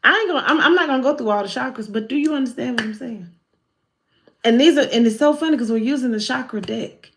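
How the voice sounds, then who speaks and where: A woman with a somewhat high voice giving a live-stream spiritual talk as a card reader. She is animated and humorous, preaching in a folksy, down-to-earth way. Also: quick pace.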